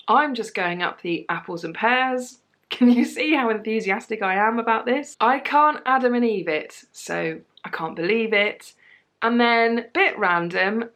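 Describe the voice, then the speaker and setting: A young British woman with a British accent talks to her viewers in a relaxed, chatty vlog. She sounds animated and laughs easily between her answers. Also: mid-range voice. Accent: British English. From Britain. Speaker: vlogger. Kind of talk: casual chatty tag video.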